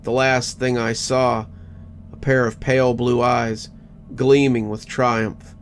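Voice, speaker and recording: Gravelly-voiced man narrating horror. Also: mid-range voice, level tone. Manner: measured, first-person storytelling. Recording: faint background music.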